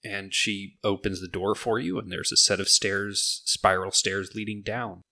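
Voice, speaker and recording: A man narrating as game master of a tabletop game in a steady, descriptive way. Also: on the low side, a little slow, creaky.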